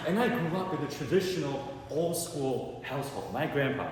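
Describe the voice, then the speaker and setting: Male stand-up comic, animated storyteller with a lively pitch, recorded live in a reverberant hall. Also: normal speed. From Canada. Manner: animated storytelling with acted quotes. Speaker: stand-up comedian. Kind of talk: stand-up comedy set. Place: art gallery event space with a live audience. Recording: echoey hall with long reverb and clear background noise.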